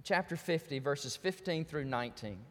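A man's voice: fairly high pitch, animated, normal speed, fairly bright tone, in a large hall. A man preaching a sermon as pastor, telling stories animatedly and acting out the voices of the people in them.

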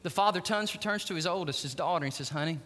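A middle-aged man preaching a sermon in a church, telling stories dramatically and swinging between hushed and loud delivery. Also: sits high, quick pace. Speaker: pastor. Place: church sanctuary. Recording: long church-hall reverb.

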